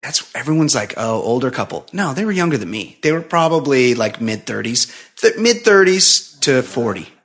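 A man's voice: mid-range voice, normal speed, hardly any pauses, breathy edge. A man in his forties, a podcast host, telling a story in casual chat with lots of swearing. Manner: profane, animated storytelling.

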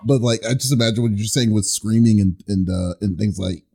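A man hosting an interview, asking questions haltingly with many restarts and fillers. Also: fairly low pitch, vocal fry, dark tone, breathy edge. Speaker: interviewer host.

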